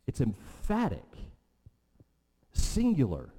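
A man's voice: sits low, unhurried, dark tone. A man preaching a sermon as pastor, with an emphatic delivery that rises and falls. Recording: long church hall reverb.

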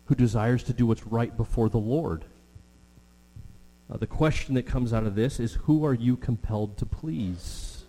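A middle-aged man preaching a sermon with earnest, drawn-out emphasis and frequent fillers. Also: mid-range voice, mellow. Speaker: pastor. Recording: long hall reverb with mains hum.

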